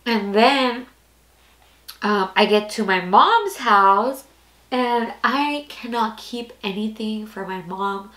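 A young woman in her twenties recounts her own story to camera in a loose, confessional way, padding her sentences with "like" and circling back as she goes. Her voice sits at a middle pitch, and the roomy, echoey space around her carries each word. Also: animated, slow, fairly bright tone. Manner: candid, rambling, heavy use of "like". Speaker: storytime vlogger. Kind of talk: casual personal storytelling. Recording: echoey room.

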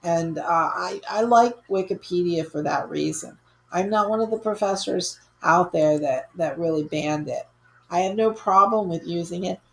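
A woman's voice: on the low side, normal speed, gravelly, fairly bright tone, low-quality recording. A woman college instructor giving a recorded online course lecture in a conversational, easygoing way, with frequent fillers and restarts.

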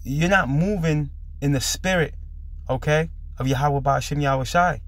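A man with a voice on the high side hosts a commentary on a preaching video, speaking at normal speed. He sounds a little under the weather and talks emphatically, ending his lines with "man."

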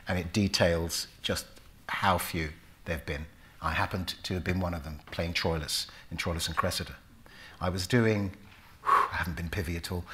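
British male actor, storyteller at a public talk, bright forward tone, acts out voices. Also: low-pitched. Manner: animated storyteller who acts out voices and recites Shakespeare. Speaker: actor and author giving a talk. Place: lecture hall before a live audience.

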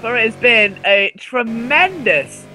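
A man commentating a live sim race, excitable and rising to near shouts at overtakes, his voice going hoarse. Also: very high-pitched, slow pace, background noise.

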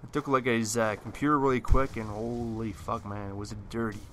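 Over game gunfire in the background, a Canadian man gives loose, rambling gameplay commentary in a lowish, steady, slightly bright voice at a brisk pace. He swears a lot and fills his speech with "uh" and "like."

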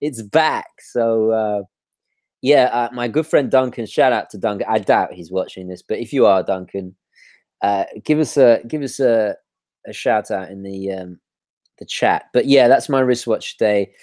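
A man hosting a live stream, greeting viewers from the chat in a relaxed way with frequent ums and restarts. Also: on the low side, normal speed, no room sound, clean studio sound. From London. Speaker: watch channel host.

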